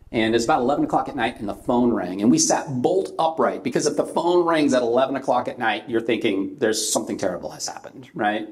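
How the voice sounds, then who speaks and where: A man's voice: lowish voice, darkish tone. A middle-aged man from California preaching a sermon, telling a personal story and acting out the voices in it. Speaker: pastor.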